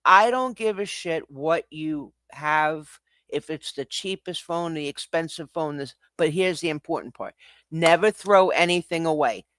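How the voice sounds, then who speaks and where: Animated swearing man ranting on a stream. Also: on the high side, unhurried, clean tone, no echo. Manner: animated, swearing, laughing ranter. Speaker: livestream host. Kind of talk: casual ranting livestream. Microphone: streaming setup mic.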